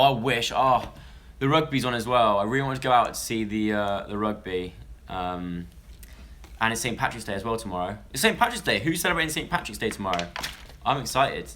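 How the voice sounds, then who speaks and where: A man's voice: mid-range voice, pushed and bright. A young man from England chatting casually on a live stream, rambling and interrupting himself as he talks to viewers.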